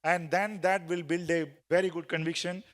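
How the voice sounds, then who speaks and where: The speaker, a sales trainer at a conference, has a high-pitched voice with a flat delivery at normal speed. He gives a motivational talk to a live audience in a large hall, relating a story and having listeners answer aloud. A long reverb fills the recording.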